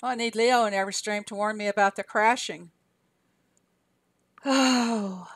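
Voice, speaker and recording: An older woman from the American South talks with a Southern accent in a relaxed live-stream chat. She rambles, laughs often and answers her viewers aloud. Her voice sits in a middling range and sounds dry and close, with no room around it. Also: mid-range voice, unhurried, no echo. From Southern US, Arkansas. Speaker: game streamer.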